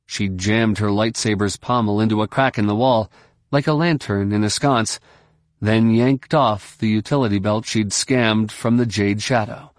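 A man narrating an audiobook in a brisk, steady storytelling manner. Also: fairly low pitch, no echo, studio quality. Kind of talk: scripted narration.

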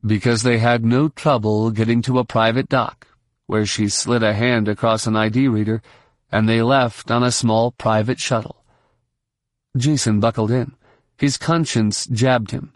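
Steady male audiobook narrator, dry sound. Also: medium pitch, no echo. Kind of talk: scripted narration.

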